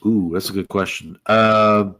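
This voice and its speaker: A man's voice: lowish voice, fairly even intonation, unhurried, sharp tone. A middle-aged man co-hosting a podcast, with an easygoing, dry way of talking. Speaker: podcast co-host. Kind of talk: casual chat.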